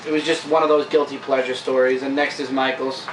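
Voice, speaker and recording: A man's voice: mid-range voice, little pitch movement, fairly quick, background noise. A man co-hosting a casual comic book review, offhand, opinionated and jokey. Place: indoor room with a camera. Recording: echoey room, distant mic.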